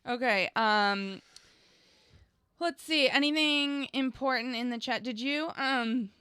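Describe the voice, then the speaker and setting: A woman's voice: high-pitched, slow pace, pushed and bright, clear, resonant tone, no echo, clean studio sound. A woman co-hosting a podcast, chatting casually and reading out listener comments. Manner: chatty, reads comments, laughs often. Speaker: podcast co-host.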